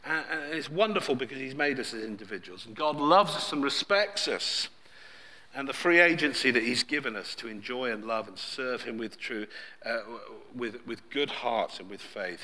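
A man preaching a sermon, swinging between loud emphasis and near-whispered softness. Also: mid-range voice. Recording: long hall reverb.

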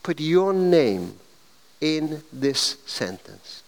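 A man preaching a sermon, telling stories in a dramatic, animated way. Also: high voice, moderate pace, clear, resonant tone, long reverb tail. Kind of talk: sermon with storytelling.

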